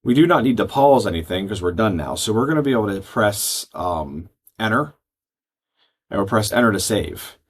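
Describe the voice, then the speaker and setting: A man giving a step-by-step software tutorial, explaining settings plainly with frequent ums. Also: on the low side, expressive, moderate pace, slightly rough. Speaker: product trainer. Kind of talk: screen-recorded software tutorial.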